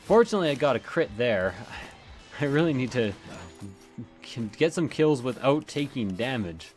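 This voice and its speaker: A man narrates his game run in a loose, chatty way, cursing at enemies and wandering off topic. His voice sits at an ordinary pitch for a man. Faint music plays underneath. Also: sing-song, normal speed, darkish tone. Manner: chatty, swears often, rambling asides. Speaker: let's play gamer. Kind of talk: casual gameplay commentary.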